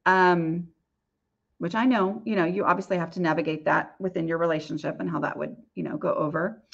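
A woman's voice: lowish voice, fairly even intonation, fairly quick, creaky, highs cut off. Chatty woman hosting a live Q&A. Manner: chatty, rambling, many fillers and restarts. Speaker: host answering viewer questions. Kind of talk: casual live Q&A.

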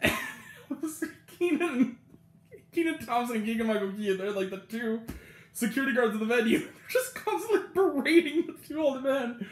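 A man's voice: extremely high pitch, normal speed. A young man reviewing a TV episode in a rambling, casual monologue, laughing often and acting out quotes. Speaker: TV review vlogger. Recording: echoey room.

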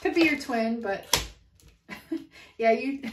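A woman's voice: fairly high pitch, very slow, noisy background. A woman giving a casual tarot reading, giggling often and swearing freely. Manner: giggly, profane, frequently laughing. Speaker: tarot card reader. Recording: echoey room, far from mic.

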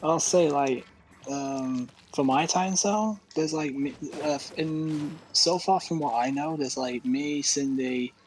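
A man's voice: on the high side, slow, a little hiss or hum, poor audio. A British man chatting casually during a game, who often repeats his words as he gets going. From United Kingdom. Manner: stammering, repeats words when excited. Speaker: guest gamer. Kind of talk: casual chat while gaming.

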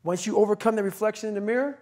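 A middle-aged man on a podcast, giving a blunt, profane, forceful motivational talk. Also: sits high, very fast. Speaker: podcast guest.

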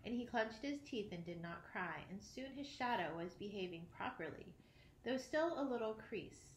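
A woman reading a children's classic aloud, expressive, with occasional slips and throat clearing. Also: mid-range voice, normal speed, a little hiss or hum. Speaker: audiobook reader. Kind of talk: storybook narration. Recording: roomy echo.

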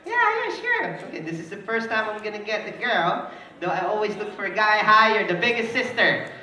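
A man's voice: high voice, very animated, a little fast, pushed and bright. A man working as a party entertainer, teasing a child volunteer with playful banter. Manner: playful, teasing, laughs often. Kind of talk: party emcee with audience banter. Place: indoor party venue. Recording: echoey party hall, distant mic, crowd.

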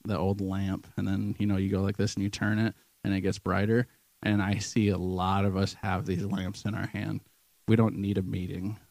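A man's voice: on the low side, a little mellow, no room sound. A man giving an informal sermon testimony at church, earnest and conversational, with many ums and restarts. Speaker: church member sharing a vision.

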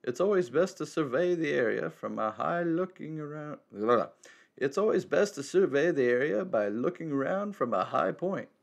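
A man voicing a mysterious, teasing old male hermit in a slow, measured old man voice, reading game dialogue aloud. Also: a little high, lively intonation, creaky, pitched above the performer's own voice. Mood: cryptic, teasing.

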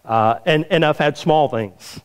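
Man, pastor preaching in a church, storytelling, slightly high voice. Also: unhurried, clean tone. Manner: storytelling, acts out the quoted voices in a higher pitch. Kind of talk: sermon. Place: church sanctuary.

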